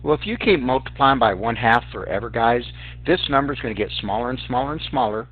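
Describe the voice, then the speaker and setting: Brisk and animated, this mid-range male voice belongs to a math teacher guiding students through sequences on a calculator. He talks them through every step aloud, calling them "guys" throughout. The lesson was recorded with a dry, tinny quality resembling a phone.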